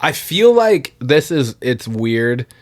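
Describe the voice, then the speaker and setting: A man's voice: mid-range voice, big pitch swings, takes it slowly. A man co-hosting a podcast in casual chat, rambling and laughing often as he trails off and restarts. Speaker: podcast co-host. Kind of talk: casual chat tasting a drink.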